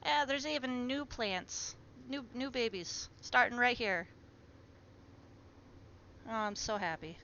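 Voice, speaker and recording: A bright, chatty woman talks away to her houseplants and her viewers. Her voice comes through dull and lo-fi. A faint hiss sits under it. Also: a little high, slow pace, pauses often. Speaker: live streamer. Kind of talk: casual live-stream chat. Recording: muffled lo-fi stream audio with faint noise.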